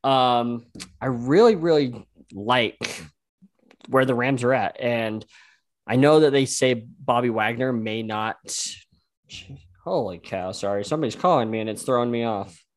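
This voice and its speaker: A man's voice: mid-range voice, a little slow. A man co-hosting a casual sports podcast, talking in an easygoing way with many fillers like um and like. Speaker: podcast co-host.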